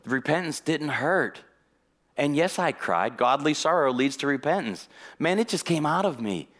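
A man preaching a sermon in a church, telling a personal story in a lively way and acting out the conversations in it. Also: a little high, normal speed. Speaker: guest preacher.

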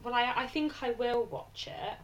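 A woman's voice: on the high side, normal speed, rough recording. A woman co-hosting a casual film podcast, teasing her partner and laughing often. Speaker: podcast co-host.

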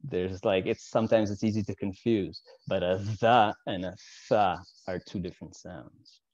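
Low-voiced male teacher, casual lecture. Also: fairly even intonation, moderate pace, a little mellow, no room sound, highs cut off. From Soviet Union. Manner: explanatory, with frequent asides and "right?" check-ins.

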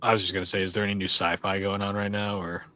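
A man's voice: lowish voice, little pitch movement, racing, sharp tone, a little hiss or hum. A man co-hosting a podcast in casual chat, rambling with lots of fillers and laughing often. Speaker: podcast co-host.

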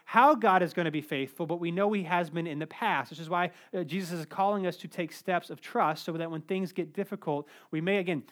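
A male pastor preaching a sermon in a conversational, animated way, with asides. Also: high-pitched, brisk, hardly any pauses.

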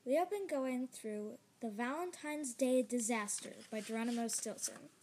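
A woman hosting a storytime show, reading a children's book aloud in a lively, expressive way. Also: a little high, normal speed, slight background noise. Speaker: storyteller host.

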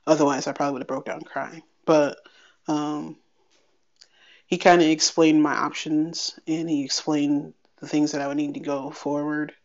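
A woman giving a candid personal update on her podcast, chatty and wry, acting out bits of a conversation in quick animated bursts. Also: low-pitched. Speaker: podcast host. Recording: slightly dull lo-fi sound.

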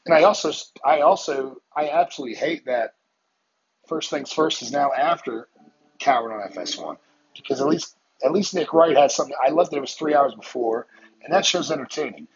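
A man hosting a podcast, delivering a heated, profane solo rant with rapid-fire rhetorical questions. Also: on the high side, expressive. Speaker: podcast host. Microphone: phone. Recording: muffled lo-fi audio with crowd noise behind.

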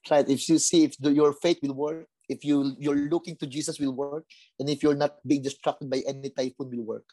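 A man from the Philippines with a Filipino accent, preaching a lively sermon full of rhetorical questions. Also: medium pitch, dry recording. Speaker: pastor.

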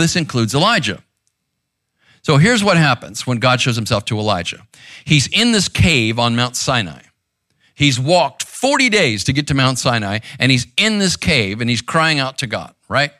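A man's voice: mid-range voice, pushed and bright, no room sound, studio quality. A man preaching a sermon in a conversational, intense way, often checking in with "right?", seated on a stool in a church room. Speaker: pastor.

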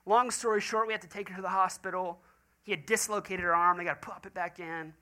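A man's voice: high-pitched, quick pace. A man, a pastor preaching a sermon and telling stories in acted quoted voices. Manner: animated storytelling with quoted voices.

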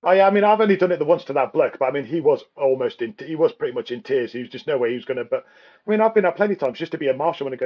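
Laughing trucker spinning yarns. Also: male voice, on the high side, rapid-fire, dull audio. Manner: animated storyteller, laughs often, acts out other drivers. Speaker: podcast host. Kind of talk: casual chat.

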